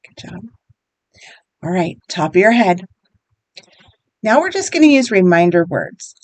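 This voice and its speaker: A woman guiding listeners through a tapping exercise, speaking gently and encouragingly, step by step. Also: fairly low pitch, very animated, a little slow, no room sound. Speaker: EFT wellness guide. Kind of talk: guided tapping instruction.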